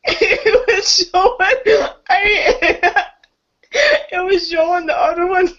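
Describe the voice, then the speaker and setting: A woman's voice: very high voice, slow, fairly bright tone, lo-fi sound. A young woman chatting casually with a friend, giggly and rambling. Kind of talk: casual chat.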